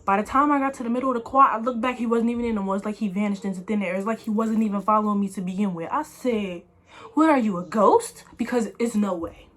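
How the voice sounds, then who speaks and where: A young woman vlogger telling a story in a casual, slangy, animated way. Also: medium pitch, quick pace, few pauses. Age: young adult.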